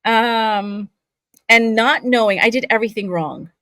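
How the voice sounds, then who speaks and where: A woman's voice: a little high, a little slow, dry recording. A woman voice actor who grew up between California, Saudi Arabia and Scotland, telling stories expressively in a casual interview. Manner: expressive storyteller, laughs often. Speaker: voice actor guest.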